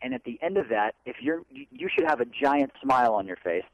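A man's voice: medium pitch, wildly swooping pitch, a little fast, vocal fry, no echo, rough recording. Earnest man musing on mindset, dry sound. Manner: earnest, rambling, acts out inner voices. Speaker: co-host. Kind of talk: casual self-help talk show.

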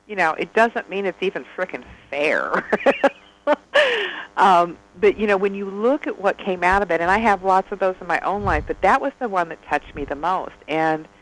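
A man with a notably high voice in easy conversation. He tells his stories with energy, acting out each exchange as he goes. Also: normal speed, low-quality recording. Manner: animated storyteller who acts out dialogue. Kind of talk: casual chat.

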